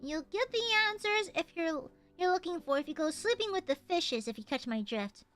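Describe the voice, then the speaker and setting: A young woman talks casually to her stream chat in a very high, bright voice. Her pitch swoops up and down as she jokes and giggles. Quiet music plays faintly behind her. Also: lively intonation, normal speed. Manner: playful, chatty, bursts into giggles and squeals.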